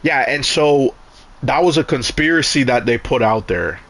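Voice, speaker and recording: A young man talks casually over his game. He rambles through stories in a middle-pitched voice, swears freely and often stops to restart a sentence. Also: expressive, moderate pace, a bit bright. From Canada. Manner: rambling, profane storytelling with many restarts. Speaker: gaming streamer. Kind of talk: casual chat while gaming.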